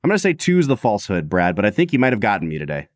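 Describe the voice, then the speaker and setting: Casual male podcast co-host, animated and playful, dry booth sound. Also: lowish voice, racing, no room sound. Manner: animated, jokey, laughs often.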